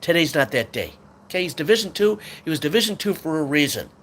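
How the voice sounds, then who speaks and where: A man's voice: a little high, very animated, fast talker, a bit bright. A man hosting a sports talk show, venting in an angry, swearing rant about his team. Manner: frustrated, swearing, ranting fan.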